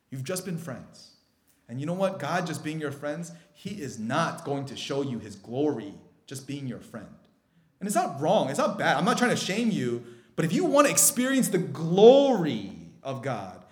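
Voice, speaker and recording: A man preaching a sermon as pastor, moving between hushed, intimate stretches and loud, excited bursts. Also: medium pitch, reverberant.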